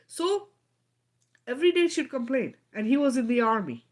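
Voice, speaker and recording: A woman's voice: high voice, lively intonation, normal speed. A middle-aged woman hosting a live stream, telling a personal story emphatically and often checking in with her listeners. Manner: emphatic, keeps checking in with "right?" and "okay?".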